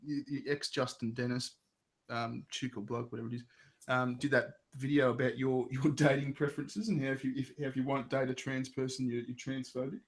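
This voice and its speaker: A man's voice: medium pitch, little pitch movement, brisk. A man in casual, profane chat, blunt and indignant, often stumbling over repeated words. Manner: blunt, indignant, stammering restarts.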